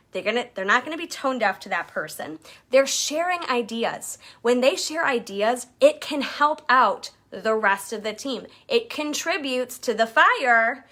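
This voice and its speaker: Bright-voiced woman coaching her team. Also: fairly high pitch. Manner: chatty, acts out quotes in jumpy voices. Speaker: direct-sales team leader. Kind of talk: motivational coaching talk.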